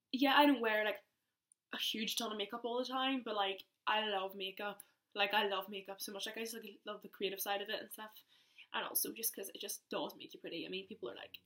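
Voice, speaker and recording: A woman's voice: medium pitch, fairly bright tone. A young woman telling a personal story in a rambling, chatty way, often interrupting herself. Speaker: vlogger.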